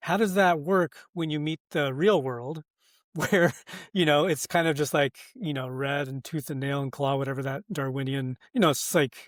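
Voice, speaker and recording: A man's voice: a little high, moderate pace, dry recording, clean studio sound. Earnest, thoughtful American man. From United States. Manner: thoughtful, earnest, many fillers and restarts, laughs often. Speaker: pastor and author, guest. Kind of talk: conversational podcast interview.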